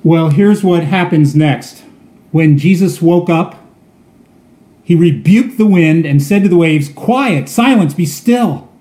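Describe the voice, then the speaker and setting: High, warm-voiced preacher in an echoey room. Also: male voice, unhurried. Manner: storytelling, earnest, with frequent repeated words. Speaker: pastor. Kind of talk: sermon.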